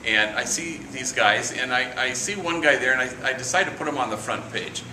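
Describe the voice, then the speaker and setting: A middle-aged priest giving a relaxed storytelling reflection at a morning meeting, sprinkling in Spanish slang and acting out the voices of the people he quotes. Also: medium pitch, a little fast. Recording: echoey room, from far off, noisy.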